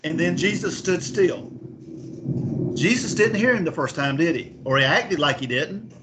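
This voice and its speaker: A man leads a Bible lesson, reading scripture aloud and pausing to put questions to his listeners. His voice sits a little high for a man. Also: animated, background noise. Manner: asks the class questions, reads scripture aloud. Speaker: Bible teacher.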